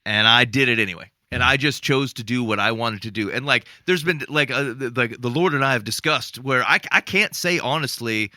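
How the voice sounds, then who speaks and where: A man's voice: mid-range voice, brisk, hardly any pauses, bright, forceful tone, no echo. A man co-hosting a faith podcast, chatting casually and earnestly, with many restarts. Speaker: podcast co-host. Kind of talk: casual chat.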